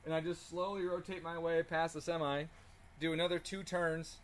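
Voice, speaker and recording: A man telling a story in a casual, animated way while working on a car, swearing freely and chuckling as he talks. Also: fairly high pitch, moderate pace. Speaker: car tuning channel host.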